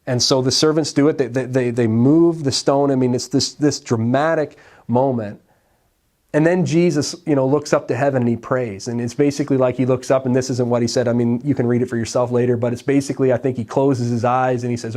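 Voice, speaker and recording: A male pastor giving a sermon in a conversational, storytelling way, often dropping to quiet, soft lines. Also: mid-range voice, fairly even intonation, fairly quick.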